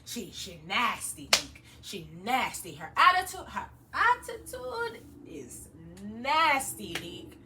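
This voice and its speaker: A woman voicing her disapproving mother, who repeats herself in a low, firm tone. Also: huge pitch swings, slow pace, few pauses, very noisy, heavily acted. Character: stern Jamaican mother scolding, older woman.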